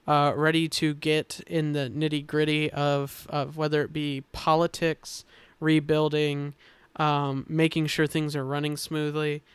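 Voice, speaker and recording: A man with a higher-than-usual, very smooth and resonant voice talks through story characters on a casual podcast. He explains slowly and thoughtfully, pausing often with fillers. The sound is close and dry, with no room around it. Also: fairly bright tone, no echo. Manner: halting, thoughtful explaining with many filler pauses. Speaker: game designer explaining characters.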